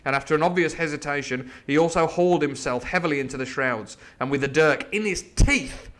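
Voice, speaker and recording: A man reading a classic adventure novel aloud as host of a live stream, with animated, jokey asides. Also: a little high, fairly quick. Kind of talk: storybook reading with live commentary.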